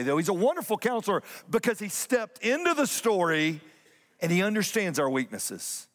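A male pastor delivering a sermon in a church, driving points home with repeated refrains and shifting his pace between rushed and drawn-out. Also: high voice, big pitch swings, a bit bright, long reverb tail. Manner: emphatic preaching with repeated refrains, speeding up and slowing down. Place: church sanctuary.

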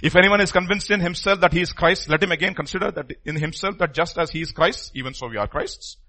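A pastor preaching a sermon emphatically, his voice swinging from loud outbursts to hushed asides. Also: fairly high pitch, fast.

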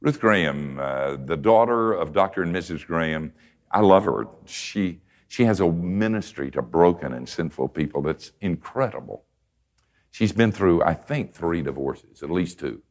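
Unhurried and expressive in a low voice, an older man preaches conversationally, telling folksy stories and shifting from quiet asides to emphatic statements.

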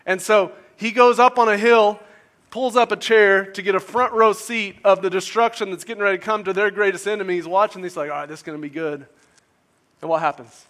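A man preaching a conversational sermon, asking his listeners questions and swinging from loud to quiet. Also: sits high, fairly even intonation, fairly quick. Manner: conversational, asks the audience questions, varies volume widely. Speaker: pastor.

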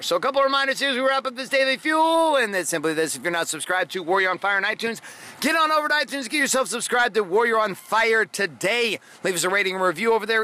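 A man hosts his podcast in a blunt, profane, fired-up monologue. His voice is very bright and sharp, a touch high for a man. Faint street noise hums behind him. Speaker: podcast host. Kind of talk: motivational monologue.

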